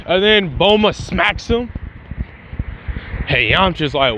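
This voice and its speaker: A young man with a high voice, casually rambling through a fan story he's making up, full of slang, restarts and swearing. The recording sounds dull and lo-fi, with a faint noise bed behind him. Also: slow, a bit bright. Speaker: channel host.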